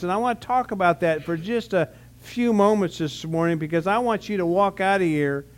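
A man preaches to his congregation, his voice sitting high for a man. He talks in a relaxed, conversational way, asking rhetorical questions and often restarting his phrases. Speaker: pastor. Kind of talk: sermon.

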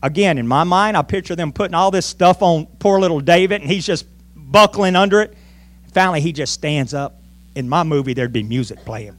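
A man's voice: a little high, moderate pace. A male pastor preaching a sermon in church, telling a story with lots of energy and acting out the voices. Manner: animated storytelling, acts out voices.

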